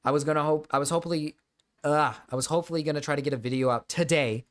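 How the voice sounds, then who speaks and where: A man's voice: fairly high pitch, very fast. A young man streaming, chatting casually to his viewers, rambling and swearing with frequent restarts.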